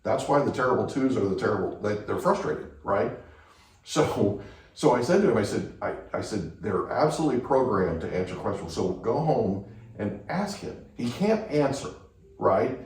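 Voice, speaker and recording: Low-voiced man telling stories in an echoey room. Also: lively intonation, normal speed, darkish tone, distant mic. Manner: anecdotal, keeps checking in with "right?". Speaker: podcast host. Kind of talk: casual storytelling chat.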